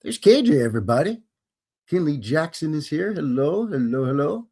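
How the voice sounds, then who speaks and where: A man's voice: fairly high pitch, big pitch swings, normal speed, mellow, breathy edge. A man from Canada hosting a casual live stream, chatting and greeting viewers by name in a folksy way.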